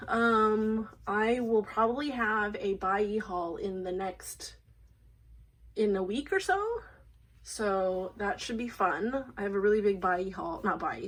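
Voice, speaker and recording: A woman with a mid-range, slightly rough voice films a casual unboxing vlog of photocards, and the audio is poor. She gushes and rambles with excitement, sounding emotional and shaky, and keeps apologizing.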